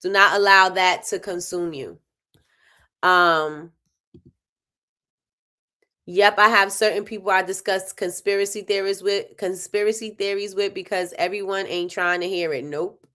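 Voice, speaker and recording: A middle-aged woman hosting a casual talk stream, talking straight to her audience. Her voice is bright and tense at the edges, and she breaks into laughter often. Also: mid-range voice, measured pace. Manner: animated, laughs often, talks straight to viewers. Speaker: host. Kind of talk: casual livestream chat.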